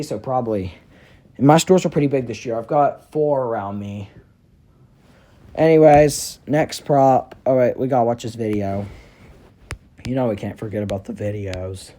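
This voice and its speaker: A man hosting a casual review vlog, talking excitably and ranting with plenty of exaggeration. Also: medium pitch, normal speed. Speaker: prop reviewer, channel host.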